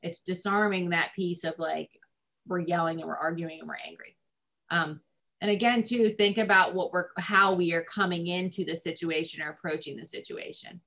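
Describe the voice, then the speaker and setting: Lower-voiced woman family therapist. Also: fairly even intonation, moderate pace, a bit bright. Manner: conversational, frequent ums and likes. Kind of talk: advice in a recorded discussion.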